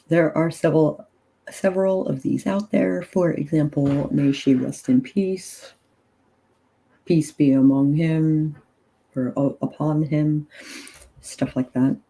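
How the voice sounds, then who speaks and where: A groggy woman leading a ritual on a casual livestream, reading prayers aloud in an unhurried way with loose asides. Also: deep voice, dark tone, low-quality recording. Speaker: ritual leader and tarot reader.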